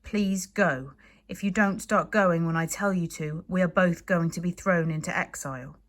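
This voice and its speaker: A woman's voice: on the low side, animated, normal speed, fairly bright tone. A woman doing a harried young Viking boy. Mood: reasoning. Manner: exasperated, pleading.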